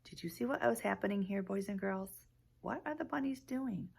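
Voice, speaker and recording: A woman teacher reading a picture book aloud to young children, with lively gasps and questions. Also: mid-range voice, moderate pace, gravelly, slightly rough. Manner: animated storytelling, gasps and asks questions. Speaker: preschool teacher.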